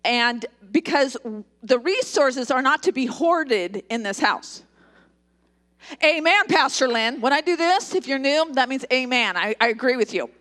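A woman's voice: high-pitched, lively intonation, measured pace, fairly bright tone. A woman pastor preaching a live sermon in a church service, emphatic and joking, calling for responses from the congregation.

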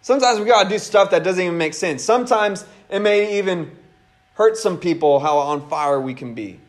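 A man preaching a casual, animated sermon, laughing and acting out the people he quotes. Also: high voice, moderate pace.

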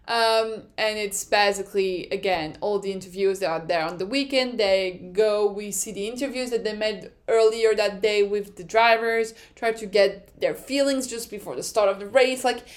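A woman from France with a French accent, hosting a podcast in a casual, excitable explainer style that often breaks into laughter. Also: medium pitch, moderate pace, hardly any pauses. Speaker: podcast host.

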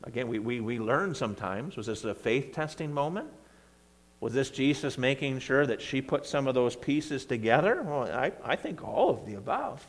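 Animated preacher in a reverberant church. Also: male voice, mid-range voice, normal speed. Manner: conversational, animated reading of scripture with bursts of emphasis. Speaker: pastor. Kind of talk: sermon. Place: church sanctuary.

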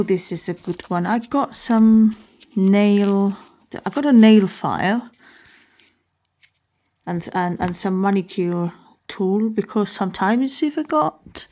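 A woman's voice: medium pitch, warm tone. A woman hosting a casual solo talk, rambling and often correcting herself.

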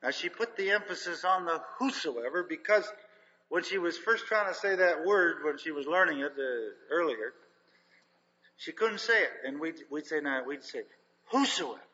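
A man's voice: a little high, animated, normal speed, pushed and bright. An older man preaching a sermon, telling folksy stories with emphasis. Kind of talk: sermon storytelling. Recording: dull lo-fi recording in a reverberant hall.

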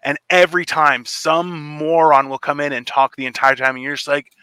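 A man's voice: fairly high pitch, flat delivery, normal speed, pushed and bright, clear, resonant tone, no echo. A man in casual comedic podcast chat, blunt and ranting. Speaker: podcast host.

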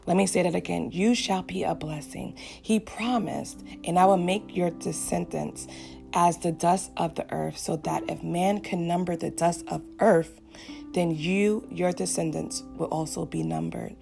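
Gravelly-voiced woman giving a devotional over music. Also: lowish voice, fairly even intonation, a little slow. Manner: earnest, exhortative, rising into fervent prayer. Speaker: faith speaker addressing listeners. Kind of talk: devotional encouragement and prayer.

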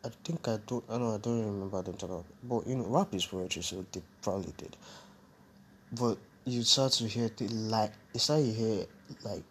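A man with a fairly low voice talks alone on his podcast in a loose, candid way. He wanders through his story and keeps stopping to correct himself. Faint noise sits under the recording. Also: a little fast. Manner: rambling, self-correcting, candid. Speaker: podcast host. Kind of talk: casual solo storytelling.

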